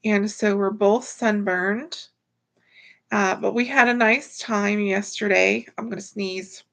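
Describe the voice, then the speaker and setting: A woman's voice: mid-range voice, steady tone, takes it slowly, vocal fry, fairly bright tone. A tired woman hosts a casual livestream from home, greeting viewers by name. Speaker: livestream host.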